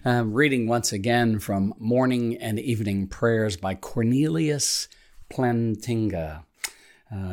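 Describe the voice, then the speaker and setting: Slow-talking pastor, low voice. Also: male voice. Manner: unhurried, halting with many fillers, reads prayer slowly. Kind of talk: daily devotional talk and prayer reading.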